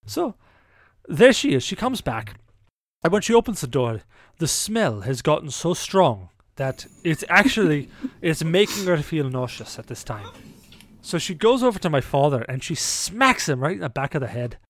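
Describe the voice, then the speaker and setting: Podcast host, male, slightly high voice, dry close sound, casual storyteller who laughs and stumbles over his starts. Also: big pitch swings, normal speed, no room sound. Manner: laughs often, stumbles and repeats words when starting a thought.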